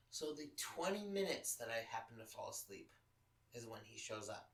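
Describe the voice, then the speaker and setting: A man's voice: mid-range voice, sing-song, normal speed, fairly bright tone, echoey room, distant mic, low-quality recording. A man from Los Angeles hosting a podcast, telling a personal story in casual chat, candid and full of swearing. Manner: profane, candid, emotional storytelling. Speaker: podcast host.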